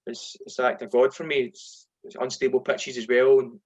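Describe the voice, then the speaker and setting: A man's voice: medium pitch, moderate pace, slightly rough. Scottish guy, middle-aged, telling footy stories, does the voices, bit dull lo-fi sound. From Scotland. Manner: animated anecdotes, acts out voices in quotes. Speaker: former footballer, guest. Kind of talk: casual storytelling.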